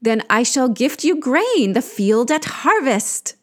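A woman's voice: sits high, sing-song, measured pace. A woman voicing a moaning underworld queen goddess. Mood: regal. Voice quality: moaning, groaning.

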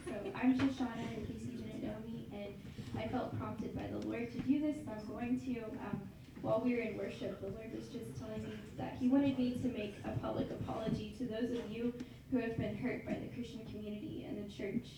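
A woman's voice: a little high, steady tone, a little fast. A woman sincerely addressing a church gathering with an apology. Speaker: church member speaking to the group. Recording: echoey, distant, noisy room recording.

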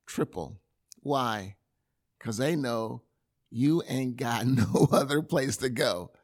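A man preaching a sermon in a conversational, animated way, with everyday examples. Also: mid-range voice, takes it slowly.

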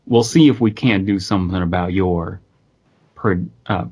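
A man's voice: low voice, normal speed, darkish tone, breathy edge. A man voicing a coaxing woman in a ball gown with a put-on American Southern accent. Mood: sweetly coaxing.

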